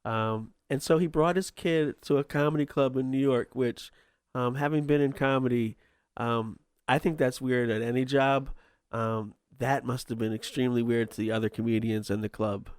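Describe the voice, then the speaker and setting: A man's voice: mid-range voice, fairly even intonation, moderate pace, clear, resonant tone, no echo, studio quality. A man talking as a podcast guest in casual chat, rambling with many ums.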